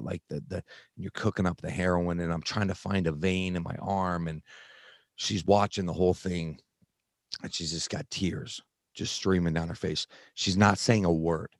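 A man with a very deep voice tells a painful personal story in conversation. He speaks earnestly, stopping and restarting often. The recording is dry, with no room sound. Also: no room sound. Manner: earnest, halting, many restarts and fillers. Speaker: guest sharing recovery story.

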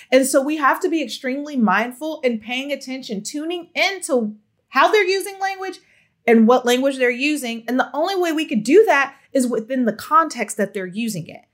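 Expressive woman coaching parents. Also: high voice. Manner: expressive, emphatic, affectionate direct address. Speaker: parenting educator on child speech. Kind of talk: solo podcast monologue to parents.

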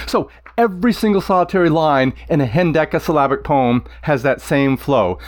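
A man who teaches Latin, explaining poetic meter to listeners with enthusiasm, chanting the rhythms aloud in a deliberate way. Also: on the high side, animated.

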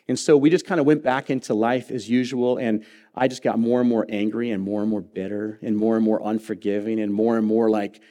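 A male pastor preaching to his congregation, weaving a personal story with light jokes and earnest appeals. His voice sits at an ordinary middle pitch, and he speaks from the stage of a church sanctuary. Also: mellow. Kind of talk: sermon.

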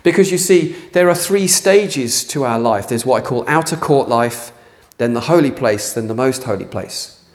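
A man's voice: medium pitch, animated, moderate pace, hardly any pauses. Passionate man preaching a sermon. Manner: passionate, rising to near shouting. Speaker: pastor. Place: church hall.

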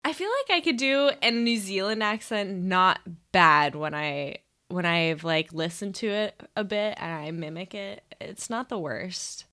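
A woman's voice: mid-range voice, unhurried, few pauses, sharp tone, no echo, clean studio sound. A woman co-hosting a podcast in casual chat, self-deprecating and giggly. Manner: self-deprecating, giggly, tries silly accents. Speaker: podcast co-host.

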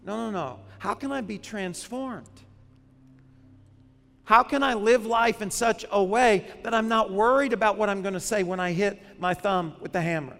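A man's voice: sits high, normal speed, vocal fry, fairly bright tone, big-room sound. A man, a pastor, preaching a sermon in a conversational way, often putting questions to the congregation.

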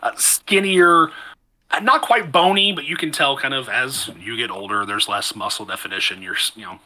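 A man narrating a tabletop role-playing session as game master. His voice is very bright and forward, and his delivery is loose and rambling, full of fillers. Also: medium pitch, moderate pace, poor audio.

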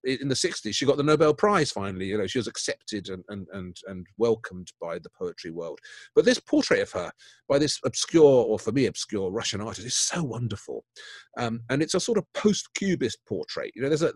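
A man's voice: mid-range voice, dry recording. A man, co-hosting a podcast and talking eagerly about art, often repeating words as he gets carried away. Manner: enthusiastic, repeats words when excited. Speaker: podcast co-host. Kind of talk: casual chat about art.

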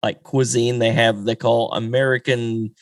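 Slow talking guy, bouncy intonation, dry close mic, short amused reactions. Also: mid-range voice, flat delivery, no room sound. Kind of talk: casual chat.

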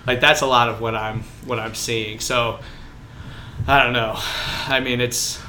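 Bright-voiced young man chatting casually. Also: mid-range voice, fairly even intonation, a little slow, slight background noise. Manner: loose, filler-heavy talk with quoted voices. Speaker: podcast co-host. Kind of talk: casual chat.

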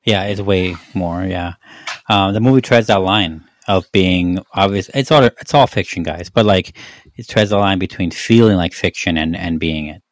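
Mexican-accented podcast guy, low voice, rambly, lots of ums. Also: moderate pace, no echo. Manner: rambling, many fillers and restarts. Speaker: podcast host. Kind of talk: casual movie-review chat.

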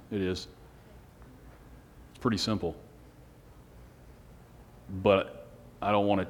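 A man's voice: deep voice, a little hiss or hum. A man preaching a casual sermon to a small group, conversational, asking the room questions and chuckling. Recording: long hall reverb.

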